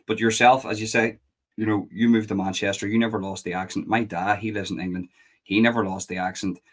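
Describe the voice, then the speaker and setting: A man's voice: lowish voice, steady tone, brisk. A man hosting a casual interview, asking curious questions with some stammering restarts. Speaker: interview host.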